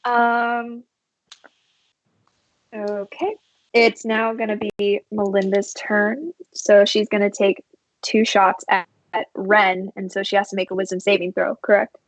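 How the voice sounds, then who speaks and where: A woman narrating a tabletop game as game master, unhurried and halting, with many fillers. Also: mid-range voice, little pitch movement, dry recording, rough recording.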